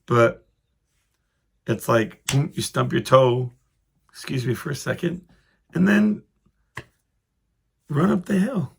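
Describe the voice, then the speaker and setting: A man's voice: medium pitch, animated, takes it slowly, vocal fry, pauses often, slight background noise. A man hosting his own podcast, telling a rambling story in a casual, self-interrupting way and chuckling as he goes. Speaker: podcast host.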